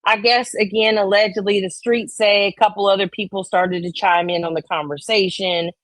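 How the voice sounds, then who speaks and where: A woman's voice: mid-range voice, fairly even intonation, moderate pace, no echo. A woman hosting a livestream, chatting casually and profanely about online drama and reading comments from chat. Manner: profane, conspiratorial, reads chat aloud; acts out quoted voices. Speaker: livestream host.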